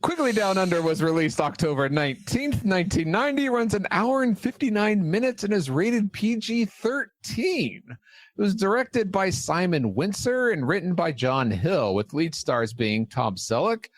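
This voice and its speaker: A man's voice: high voice, big pitch swings, no room sound. A man co-hosting a casual podcast, teasing the host and reading out film facts. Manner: teasing, jokey, reads facts off quickly. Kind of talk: casual chat.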